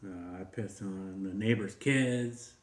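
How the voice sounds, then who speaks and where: A man's voice: low-pitched, slow, pitched below the performer's own voice. A man voicing a male dog in a told joke who admits he can't stop peeing, matter-of-fact and confessing. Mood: sheepish. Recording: roomy echo.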